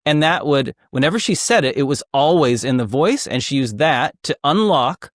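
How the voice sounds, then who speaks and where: A man hosting an interview in a relaxed way, asking thoughtful questions with pauses and fillers. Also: on the high side, no room sound, clean studio sound. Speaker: host. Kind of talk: casual interview.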